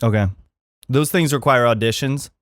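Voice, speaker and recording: A man hosting a casual podcast interview, talking loosely with plenty of swearing and quick agreement. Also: mid-range voice, no echo, clean studio sound. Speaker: podcast host.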